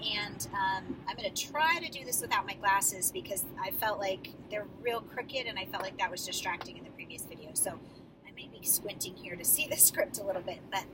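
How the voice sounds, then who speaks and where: A drama coach talks her students through their scenes, encouraging them and explaining at length. Her voice sits at an ordinary middle pitch and comes from some distance off the mic. Steady traffic noise runs underneath. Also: brisk. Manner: encouraging, explanatory, with many fillers. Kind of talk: acting feedback for students.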